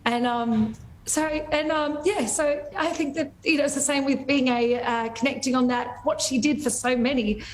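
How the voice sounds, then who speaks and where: Australian woman guest, raw with emotion, halting and heartfelt, higher voice, faint noise behind. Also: steady tone, low-quality recording. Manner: halting, heartfelt, often restarts sentences. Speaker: guest singer. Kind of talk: emotional TV interview.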